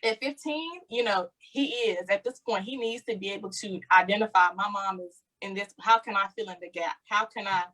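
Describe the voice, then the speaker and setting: A woman's voice: medium pitch, moderate pace, hardly any pauses, a bit bright, poor audio. Woman host, earnest and candid, casual parenting talk. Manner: earnest, searching for words. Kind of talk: casual conversation about parenting.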